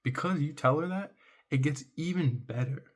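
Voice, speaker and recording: A man's voice: fairly high pitch, moderate pace. A man giving dating advice to the camera in a casual, rambling monologue, blunt and profane, who keeps checking in with "right?". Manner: swears casually. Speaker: vlogger.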